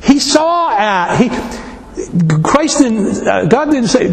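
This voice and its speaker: A man preaches a sermon in a high, lively voice, piling up rhetorical questions. He speaks slowly and deliberately. The sound rings through a big hall with long reverb and faint background noise. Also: vocal fry. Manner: animated, full of rhetorical questions.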